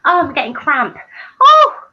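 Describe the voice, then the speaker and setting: A woman's voice: fairly high pitch, lively intonation, brisk, pushed and bright, lo-fi sound. A woman co-hosting a casual livestream, hesitant and prone to repeating herself. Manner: hesitant, repeats her words. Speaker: livestream co-host.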